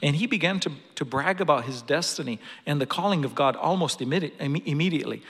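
Gravelly-voiced man preaching in a hall. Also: a little high, animated, quick pace, few pauses, fairly bright tone. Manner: earnest, personal storytelling with restarts. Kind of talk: sermon with a personal story. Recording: long reverb of a large hall.

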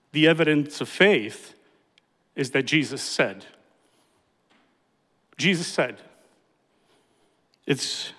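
A man's voice: fairly high pitch, fairly bright tone. A man pastor preaching a sermon, emphatic and repeating key phrases for effect. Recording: reverberant hall.

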